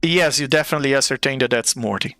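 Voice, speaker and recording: A man's voice: medium pitch, fast talker, bright, forceful tone, no room sound. A man running a live-play tabletop game as game master, narrating scenes in a playful, theatrical way.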